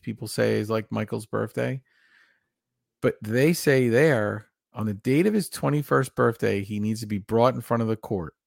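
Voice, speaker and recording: A man's voice: fairly low pitch, vocal fry, a little mellow, dry recording, clean studio sound. A man co-hosting a casual horror film podcast, talking with enthusiasm and rambling through trivia. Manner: enthusiastic, rambling, reads passages aloud. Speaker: podcast co-host.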